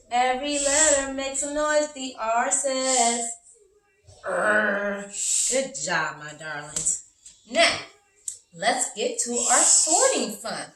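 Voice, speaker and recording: Woman, phonics teacher, slow, encouraging, exaggerated letter sounds, roomy echo. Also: fairly high pitch, fairly bright tone. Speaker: early-learning teacher. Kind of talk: phonics lesson for young children. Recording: roomy, from a distance.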